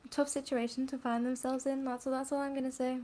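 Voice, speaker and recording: A woman's voice: high-pitched, flat delivery, fast talker, a crowd in the background. A woman co-hosting a casual live stream, wry and playfully dry. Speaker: co-host.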